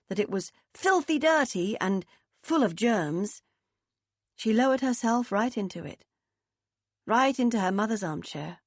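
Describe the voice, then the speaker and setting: A woman narrating an audiobook, reading in an expressive way and lifting her voice for the characters. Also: medium pitch, no echo. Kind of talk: scripted narration.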